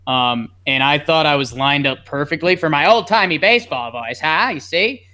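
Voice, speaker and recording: A man's voice: a little high, animated, normal speed, bright, forceful tone. A man co-hosting a podcast in casual chat, rambling and joking about his listeners. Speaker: podcast co-host.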